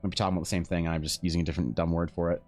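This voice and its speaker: A man's voice: sits low, flat delivery, very fast, a little mellow, faint music behind. A man chatting casually on a live art stream, telling rambling stories, swearing freely and laughing often. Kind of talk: casual chat while drawing on stream.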